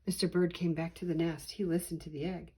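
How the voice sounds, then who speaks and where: An older woman, a grandmother, reading a children's picture book aloud slowly and expressively. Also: fairly low pitch, husky. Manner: slow, deliberate, expressive reading. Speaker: storyteller.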